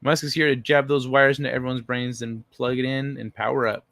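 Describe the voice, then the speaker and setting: A man in his own casual livestream voice, neither high nor low, riffing on chat messages with blunt, profane remarks. The sound is close and dry, with no room echo. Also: flat delivery, fairly quick, creaky, a bit bright. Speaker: livestream host reading chat.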